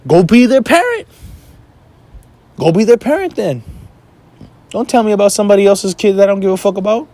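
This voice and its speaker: Guy going off on a heated rant, swearing a lot, kinda high voice for a dude. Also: mellow. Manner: blunt, profane, heated and preachy. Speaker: vlogger. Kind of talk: casual rant to camera.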